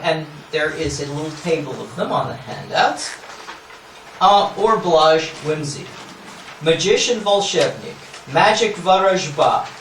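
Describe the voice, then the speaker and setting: A man's voice: fairly high pitch, noisy background. A man giving an academic lecture, explaining scholarly points with asides and frequent "yeah?" checks to the audience. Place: lecture hall. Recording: echoey lecture hall, mic at a distance.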